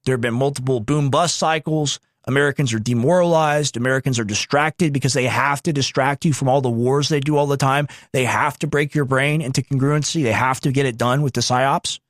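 A male commentary host with an indignant, sarcastic edge who keeps cutting in over clips. His voice is mid-pitched and the recording is dry and close. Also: steady tone, fairly quick, hardly any pauses, no room sound. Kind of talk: reacting to clips and reading quotes.

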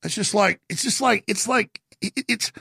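A man hosting a radio talk show, ranting and shouting through a heated political monologue in a gravelly voice. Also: high voice, no echo, studio quality. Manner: ranting, shouting, rapid-fire.

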